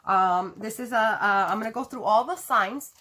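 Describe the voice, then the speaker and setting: A woman's voice: mid-range voice, moderate pace, pushed and bright. A woman reading tarot cards to her viewers in a casual, chatty way, laughing often and cursing now and then. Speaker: tarot reader.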